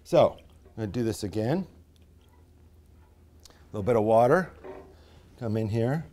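With a lowish voice, lively intonation and an unhurried pace, a male pottery professor walks through a live wheel demonstration step by step. He leans on folksy comparisons and lowers to a quiet mutter as his hands work the clay.

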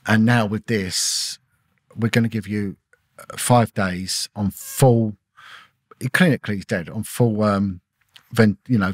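A middle-aged former detective, appearing as a podcast guest, tells an emotional personal story with intensity. His voice sits lowish and the recording has no room sound. He repeats himself and acts out the dialogue he quotes.

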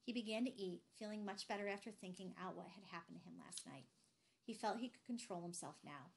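A woman narrating a novel aloud in a steady, measured way. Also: mid-range voice, vocal fry. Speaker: audiobook reader.

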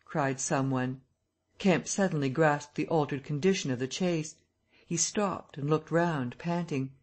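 A man reading a classic novel aloud as an audiobook narrator, telling the story in a steady, even way. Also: a little high, measured pace.

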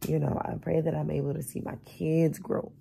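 A woman's voice: deep voice, flat delivery, moderate pace, gravelly, mellow, a little hiss or hum. A woman of thirty who has just woken up and sounds tired, chatting expressively in a casual vlog, calling her viewers y'all and baby. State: just woke up, tired and groggy. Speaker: vlogger. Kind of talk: casual morning vlog chat. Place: bedroom, lying in bed.

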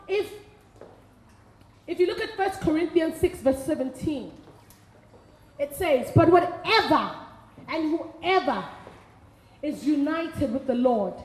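High-voiced South African woman preaching frankly. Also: slow pace, pauses often, darkish tone. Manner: frank, humorous storytelling with quoted dialogue. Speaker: speaker at a women's ministry event. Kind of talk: sermon-style motivational talk. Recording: echoey hall.

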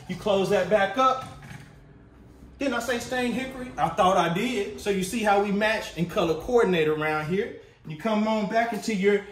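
A man's voice: high voice, echoey room, distant mic. A man hosting a casual sales walkthrough of a tiny home, with upbeat salesy patter, talking to viewers as guys. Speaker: tiny home company host. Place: inside a small furnished tiny home.

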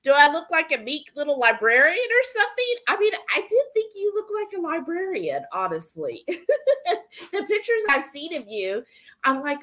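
A very animated woman with a high-pitched, somewhat bright voice speaks at a normal speed while livestreaming her cooking from home. She rambles casually, using many fillers, and reads viewers' comments aloud.

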